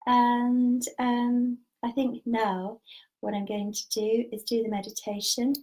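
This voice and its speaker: A woman, a spiritual teacher telling personal stories and giving guidance in a calm, measured, earnest way. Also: a little high, low-quality recording. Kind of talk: spiritual storytelling talk.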